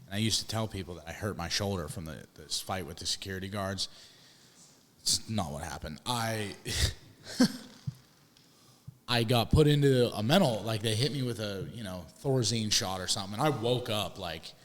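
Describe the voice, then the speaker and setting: Casting note: young guy, low voice, loose and profane storyteller, recorded in a reverberant room. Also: moderate pace. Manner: rambling, swearing, restarts. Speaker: podcast co-host. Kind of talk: casual storytelling chat.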